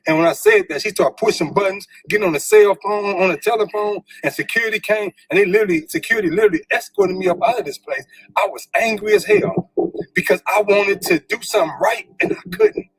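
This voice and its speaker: A middle-aged man tells his own story in plain, candid street talk, repeating words as feeling rises. His voice sits a little high and sounds husky, and the recording is dry with no room echo. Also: fast talker. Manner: candid, repeats words when stirred, informal slang. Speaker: storyteller sharing a personal story. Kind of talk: spoken personal storytelling.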